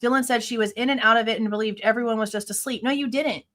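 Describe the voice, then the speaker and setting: Her voice is slightly high, a bit bright and fairly even in intonation, and she speaks fast. Hosting a live true crime reaction show, she reads a police report aloud line by line and fires back at it, blunt, exasperated, skeptical and casually profane.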